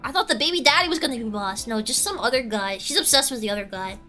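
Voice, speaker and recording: A young woman with a high, bouncy voice that leaps all over the place, telling a gossipy story to her stream. Her tone is bright and sharp, and she laughs often between remarks. Soft music plays quietly behind her. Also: animated, fast talker. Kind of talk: casual storytelling while reading chat.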